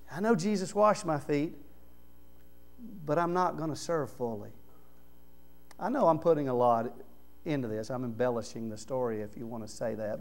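Man preaching a sermon, low to loud. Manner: conversational preaching, swings from low murmurs to loud raised emphasis. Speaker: pastor. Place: church sanctuary.

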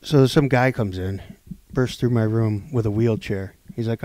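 A man on a podcast telling a long story casually, acting out the people in it and swinging between loud and hushed delivery. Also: medium pitch, normal speed, no room sound. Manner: animated, acts out quoted dialogue, swings between loud and hushed. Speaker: podcast co-host.

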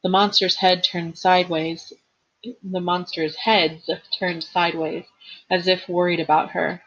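A woman, a teacher, reading a novel aloud with expressive storytelling and the occasional slip and reread. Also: on the low side, a little slow, slightly rough, lo-fi sound.

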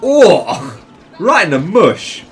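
A man giving casual gameplay commentary, excitable and jokey, swearing often. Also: a little high, drawn-out words. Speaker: gamer.

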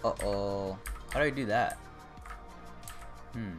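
A young man chatting casually while he plays a game on stream, rambling and excitable, teasing the people he talks to. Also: on the low side. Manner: rambling, excitable, quick to tease. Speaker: gaming streamer. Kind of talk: casual chat while gaming. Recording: stream with music playing under the voice. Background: game music and keyboard typing.

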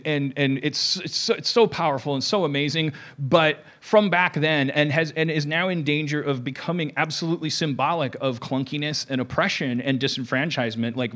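A man's voice: a little high, fairly bright tone. Rambling, swearing male podcast host. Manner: rambling, restarts often, swears, acts out quotes. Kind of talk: rambling comedic podcast talk.

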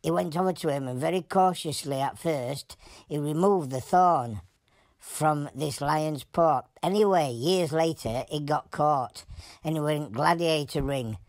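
A woman voicing an animal who tells a rambling story in broad Yorkshire dialect, deadpan and plain-spoken. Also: sits low, unhurried, no room sound, studio quality. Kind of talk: comic animal voice-over.

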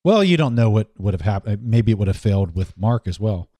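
A man with a fairly low voice hosts an interview, asking questions and chiming in with brief, supportive remarks. The sound is dry and close to the mic. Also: big pitch swings, brisk, warm tone, dry recording. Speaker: podcast host.

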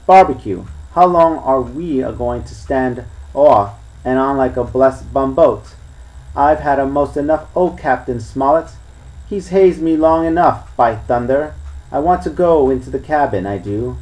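A man's voice: medium pitch, unhurried, darkish tone, close to an everyday voice, poor audio. A man reading a growling, impatient pirate. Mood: grumbling. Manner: growling complaints. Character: grumbling, impatient male pirate coxswain.

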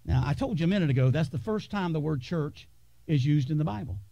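Preacher with a high voice. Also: male voice, lively intonation, gravelly, no echo, muffled recording. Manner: preaching with dramatic pauses and sudden hushed drops. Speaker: pastor. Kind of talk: sermon. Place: church sanctuary.

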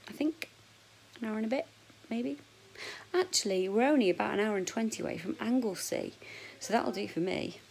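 A woman in her forties with a husky voice, chatting frankly and jokily to camera in a casual vlog, sometimes dropping to a whisper. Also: medium pitch, a little fast, pauses often, darkish tone, a little hiss or hum, low-quality recording. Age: 40s. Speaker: vlogger.

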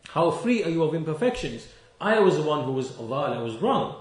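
A man's voice: a little high, big pitch swings, a little fast. Emphatic male religious lecturer, roomy sound. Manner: emphatic, repeats key phrases, stretches words for stress; stern and reproachful toward critics. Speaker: Islamic lecturer.

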